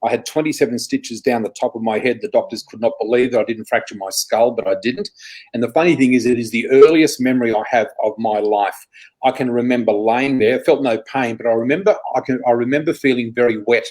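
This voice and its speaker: A man's voice: mid-range voice, fast, darkish tone, poor audio. A middle-aged Australian man, a guest psychic, telling anecdotes in a chatty, self-correcting way. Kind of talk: anecdotal interview storytelling.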